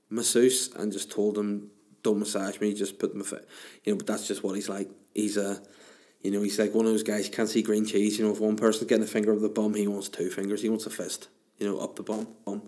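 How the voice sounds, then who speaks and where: Man in his thirties, low-pitched, podcast host, rambling comic monologue. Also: a little mellow. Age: 30s. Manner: rambling, jokey, self-interrupting. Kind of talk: casual comedic monologue. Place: room alone. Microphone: podcast microphone.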